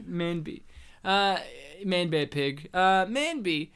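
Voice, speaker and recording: A man's voice: sits high, animated, takes it slowly, fairly bright tone, clear, resonant tone. A man co-hosting a casual film commentary chat, laughing often and acting out scenes. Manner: laughs often, acts out scenes in quoted voices. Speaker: podcast co-host.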